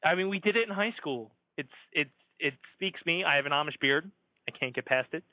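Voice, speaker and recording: A young man hosting a podcast, bantering and joking about himself in a relaxed way. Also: fairly high pitch, fairly quick, no echo. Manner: joking, self-mocking. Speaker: podcast host. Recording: tinny phone-like recording.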